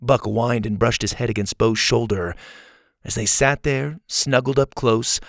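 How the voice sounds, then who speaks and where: A man narrating a children's storybook in a lively, expressive way. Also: medium pitch, measured pace, gravelly, no echo, studio quality. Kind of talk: storybook read-aloud narration.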